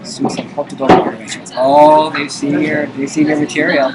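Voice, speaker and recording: A man's voice: on the high side, normal speed, very noisy. A man chatting casually as a guest on a live stream, telling stories animatedly and acting out what people said. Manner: animated storyteller, acts out quoted lines. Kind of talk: casual chat.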